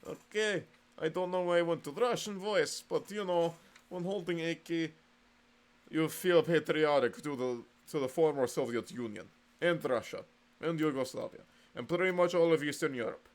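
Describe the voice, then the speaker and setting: A man's voice: on the high side, normal speed. A man vlogging in a casual, rambling monologue, sardonic and full of swearing.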